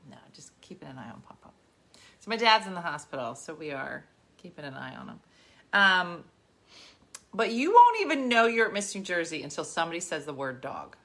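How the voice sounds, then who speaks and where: A middle-aged woman hosting a live stream, talking fast and loose with a bright, clear edge to her voice. Her pitch swings widely as she tells stories and breaks off to thank viewers. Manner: animated and chatty, thanking viewers mid-sentence. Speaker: livestream host. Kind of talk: casual chat.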